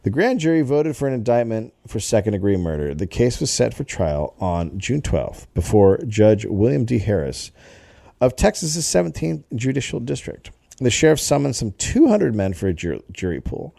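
Male podcast co-host, mellow and animated, reads the story and cracks asides. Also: medium pitch, normal speed, vocal fry, no room sound, clean studio sound. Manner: reads the story aloud with jokey asides and laughs. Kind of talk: comedic history storytelling.

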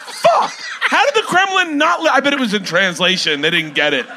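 Brief: high, animated male comic, loud and laughing, noisy live recording. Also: quick pace. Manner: loud, laughing, swearing, excitable. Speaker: guest comedian. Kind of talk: casual comedy podcast banter. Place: live podcast stage.

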